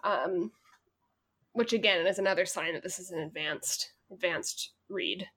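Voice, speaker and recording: A woman's voice: lowish voice, a little slow, a bit bright, husky. A woman co-hosting a podcast, chatting with sardonic, exasperated comments and laughing along. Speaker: podcast co-host. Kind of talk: casual chat.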